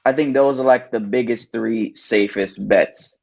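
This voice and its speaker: A man guesting on a tech livestream, halting and repeating phrases as he thinks aloud. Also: medium pitch, vocal fry, low-quality recording. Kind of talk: casual tech chat.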